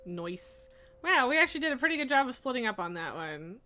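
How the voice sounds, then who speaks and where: A woman's voice: a little high, sing-song, brisk, sharp tone. Chatty, swearing woman game streamer. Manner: chatty, laughing, swearing, self-deprecating. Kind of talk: casual live-stream chat.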